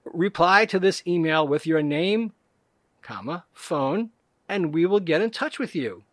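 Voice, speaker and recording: A man reading scam emails aloud in a deadpan, mocking way, speaking every punctuation mark and space. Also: on the high side, measured pace, no room sound. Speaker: comedic reader.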